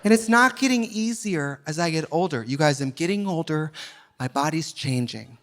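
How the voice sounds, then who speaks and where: A man's voice: on the high side, expressive, moderate pace. A man performing stand-up in drag, campy and sardonic, often mocking people in quoted voices. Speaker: drag comedian. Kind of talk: stand-up comedy. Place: live comedy venue with audience laughing. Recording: live show with loud crowd noise.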